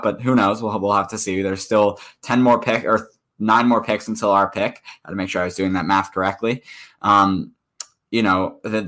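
A man's voice: on the low side, pushed and bright. A man co-hosting a casual sports podcast, rambling with frequent restarts. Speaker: podcast co-host.

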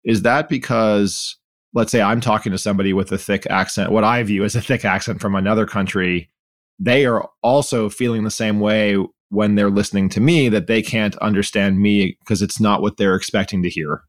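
A man's voice: on the low side, fairly even intonation, normal speed. A man hosting a podcast who asks thoughtful questions with some hedging. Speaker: podcast host. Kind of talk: casual interview chat.

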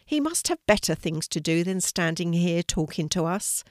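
A woman voicing a mean, bossy brother squirrel in a children's story, speaking in a sharp, scolding way. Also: on the low side, very animated, moderate pace, dry recording, clean studio sound.

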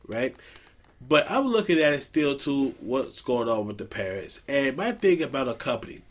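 A man's voice: fairly high pitch, fairly bright tone. Laid-back man talking it through. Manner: laid-back, thinking aloud, frequent "right?" tags. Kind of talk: casual conversational commentary.

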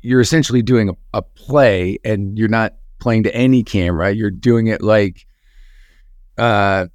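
A man co-hosting a podcast, chatting casually in a relaxed, reflective way. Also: fairly low pitch, a little slow, dry recording. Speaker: podcast co-host. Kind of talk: casual chat.

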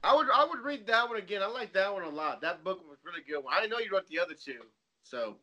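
A man, jumping into a casual chat with animated, profane comments. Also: sits high, dull audio. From Texas. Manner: animated, profane, quick to jump in.

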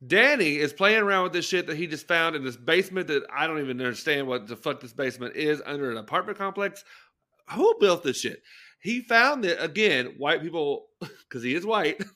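A man co-hosting a casual chat podcast, expressive, exclaiming and laughing often. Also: fairly high pitch, a little fast. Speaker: podcast co-host.

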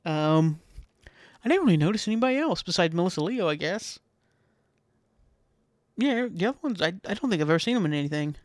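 A man's voice: sits high, lively intonation, a little fast, pauses often, no room sound, studio quality. A young man hosting a podcast alone, rambling casually and profanely and laughing often. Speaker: podcast host. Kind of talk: casual solo monologue.

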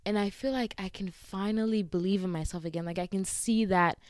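A young woman talks through a casual solo podcast, chatty and quick to laugh. She acts out the lines she quotes with bright jumps in pitch. Her voice is smooth and clear, recorded close and dry. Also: fairly even intonation, dry recording. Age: young adult. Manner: chatty and giggly, with frequent laughs. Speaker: podcast host.

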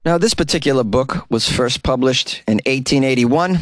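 A man's voice: medium pitch, animated, normal speed, hardly any pauses, dry recording. A man from Boston with a Boston accent, hosting a comedy news podcast and reading stories with wry, joking asides. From Boston, USA. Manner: joking, wry asides, laughs at own jokes. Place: small closet.

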